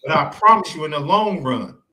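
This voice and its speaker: A man's voice: a little high, brisk. A man co-hosting a sports podcast in casual chat, emphatic and repeating his points. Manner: animated, emphatic repetition. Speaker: podcast co-host.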